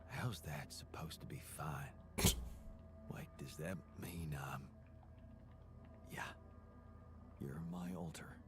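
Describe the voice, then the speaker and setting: An actor playing a troubled, bewildered alternate version of a man in a video game, speaking with a Southern accent in a hesitant, searching way that drops to whispers. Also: a bass voice. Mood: distressed. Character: troubled male alter self, rugged, bewildered.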